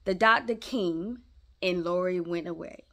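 Woman, storybook reader, slow gentle read-aloud, lowish voice. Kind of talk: reading a classic novel aloud.

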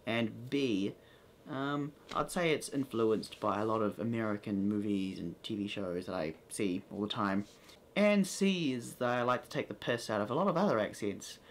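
A man's voice: fairly low pitch, slight background noise. Young New Zealand man vlogging. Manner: playful, reads word list with drawn-out words. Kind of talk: casual accent tag video.

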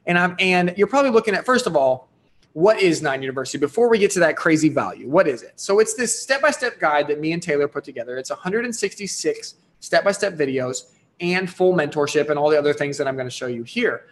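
A man with a fairly high voice delivering an energetic livestream sales pitch for his course. He talks in a pushy, excited way and keeps checking in with his audience. His tone is upbeat and persuasive. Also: quick pace. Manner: enthusiastic and pushy, with frequent "right?" and "here's the deal". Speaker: online course creator hosting a live sales stream.

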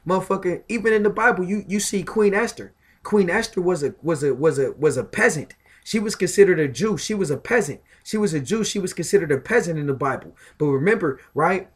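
A man's voice: high-pitched, lively intonation, fairly quick, breathy edge. A man delivering a profane, emphatic spiritual monologue in casual talk, often repeating filler phrases and stammering on words. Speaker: self-styled spiritual commentator.

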